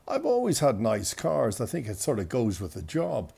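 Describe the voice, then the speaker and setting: Gravelly older Irish storyteller. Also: male voice, mid-range voice, moderate pace. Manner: rambling, self-mocking, gets excited at punchlines. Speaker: vlogger telling stories. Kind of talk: casual storytelling.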